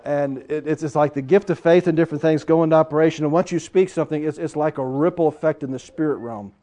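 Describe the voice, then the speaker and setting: A male preacher with a noticeably high voice delivers his sermon with fervor. He surges into loud exhortation, then drops to hushed, intimate asides. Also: fast talker. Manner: impassioned, swinging between loud urging and hushed asides.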